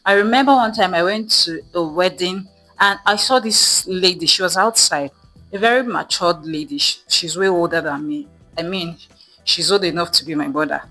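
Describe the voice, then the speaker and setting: A woman's voice: fairly low pitch, moderate pace, sharp tone, soft background music, rough recording. A young woman telling a storytime vlog, chatty with many fillers, acting out what people said. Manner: chatty, many fillers, acts out quoted dialogue. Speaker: vlogger.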